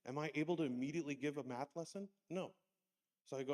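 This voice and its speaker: A man's voice: on the high side, quick pace, a little mellow. Conversational man in a reverberant church hall. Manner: conversational, anecdotal, acts out kids' voices. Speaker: Sunday school teacher trainer. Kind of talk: church workshop talk.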